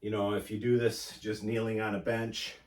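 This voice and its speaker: Male fitness instructor talking through reps, low voice, distant echoey room sound. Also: little pitch movement, normal speed. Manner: coaching, talks while exercising. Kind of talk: casual workout instruction. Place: indoor home room.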